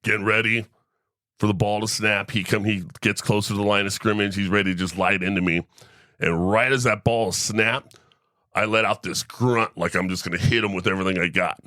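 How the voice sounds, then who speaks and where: Man telling stories, low and dry. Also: brisk, dry recording. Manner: animated storyteller, tag questions like right?. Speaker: podcast host. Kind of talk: casual storytelling chat.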